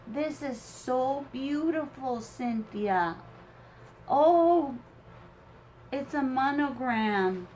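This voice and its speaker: Tearful, gushing woman speaking very slowly. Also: high-pitched, expressive, a little mellow, a little hiss or hum. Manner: gushing, slow and tearful with awe. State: teary. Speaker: crafting channel host. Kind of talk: emotional unboxing of a craft swap gift.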